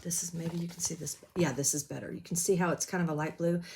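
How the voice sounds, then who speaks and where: A woman's voice: on the low side, fairly even intonation, fast talker, darkish tone, a little hiss or hum. A woman chatting casually about her stitching projects, rambling and self-deprecating, with lots of ums. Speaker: cross-stitch vlogger. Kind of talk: casual show-and-tell chat.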